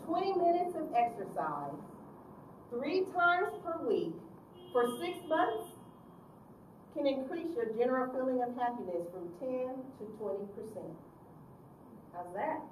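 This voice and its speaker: A woman youth counselor giving an expressive public speech and telling stories straight to her audience. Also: mid-range voice, background noise. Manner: expressive storyteller with direct address. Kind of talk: public speech with acted-out story. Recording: echoey room from a distance.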